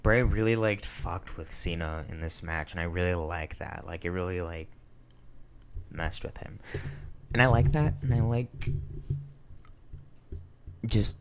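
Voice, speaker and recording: Low-voiced young man rambling a review. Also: measured pace, long pauses, slight background noise. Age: 20s. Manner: rambling, swears casually, frequent fillers; emotional, sentimental. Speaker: wrestling reviewer. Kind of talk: casual review chat.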